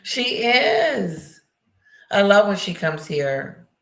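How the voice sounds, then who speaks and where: Her voice is medium-pitched and gravelly, very slow, with big swings in pitch, as she hosts a casual livestream in an echoey room. She reads out viewer comments, greets chatters by name and reacts to them.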